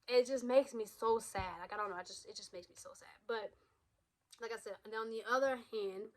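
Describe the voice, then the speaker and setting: A woman's voice: a little high, a little fast. A woman in her thirties speaking candidly in a personal vlog, raw and emotional, blunt, with frequent swearing and restarts. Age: 30s. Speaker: vlogger.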